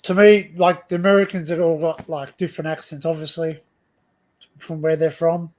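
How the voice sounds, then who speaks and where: A man's voice: a little high, little pitch movement, normal speed, darkish tone. An Australian man hosting a casual livestream chat, rambling and laughing often, repeating words as he talks. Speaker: livestream host.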